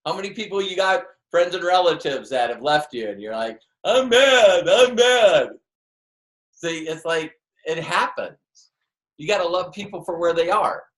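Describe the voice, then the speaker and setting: A man whose voice sits on the high side, slightly bright with lively intonation, addresses a live audience at a moderate pace in a motivational network marketing seminar. Emphatic, he leans on rhetorical questions and acts out quoted voices amid a roomy echo.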